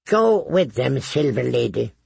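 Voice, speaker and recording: Man doing an old witch-woman, gravelly, raspy, slow, hushed, audiobook. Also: mid-range voice, sing-song, dry recording, exaggerated voice. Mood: ominous. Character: old female healer-witch, grave and ominous. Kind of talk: audiobook reading.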